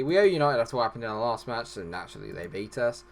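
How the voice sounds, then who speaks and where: An excitable man narrates his football management game in mid-pitched, mid-range tones. He jokes at his own expense and swings from groans to cheers. The talk sounds like it comes from his desk at home. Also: very fast, vocal fry. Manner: excitable, joking, self-deprecating. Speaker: gaming YouTuber.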